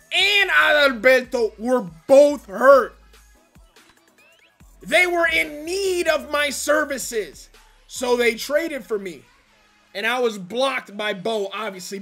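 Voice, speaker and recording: A young man commenting on his own baseball video game, rambling and frustrated, venting with sudden loud outbursts. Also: sits high. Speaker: gaming YouTuber. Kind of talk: casual gameplay commentary.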